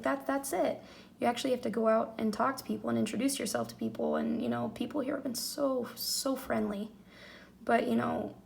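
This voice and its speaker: Gravelly-voiced young woman vlogging candidly. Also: a little high, darkish tone. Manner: open, rambling, emotional talk with many fillers. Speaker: military spouse vlogger. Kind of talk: candid personal vlog. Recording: lo-fi audio with faint noise.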